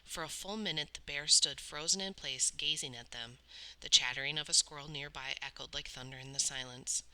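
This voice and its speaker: A woman reads a novel aloud with dramatic storytelling. Her voice sits low, with a tense, sharp brightness to it. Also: a little fast, smooth, rough recording. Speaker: audiobook reader. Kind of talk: read-aloud novel narration.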